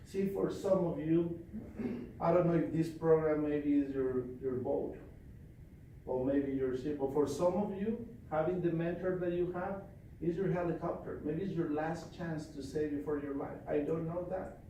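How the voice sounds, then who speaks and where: Commanding male seminar trainer, forceful storyteller, distant echoey hall. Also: a little high, fairly even intonation, normal speed, slight background noise.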